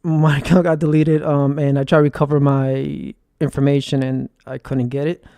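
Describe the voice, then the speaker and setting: In a rambling, agitated monologue, a male streamer curses often, repeats phrases and leans on lots of fillers. His voice sits on the high side with flat delivery, a moderate pace, vocal fry and a warm tone, captured in a dry recording.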